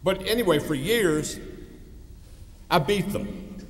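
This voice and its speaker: An older man delivers a commencement address in a blunt, storytelling way, hitting short lines hard. His voice sits a little high. The sound carries a long, roomy echo from a large hall. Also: expressive, takes it slowly. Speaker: commencement speaker. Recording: echoey hall from far off.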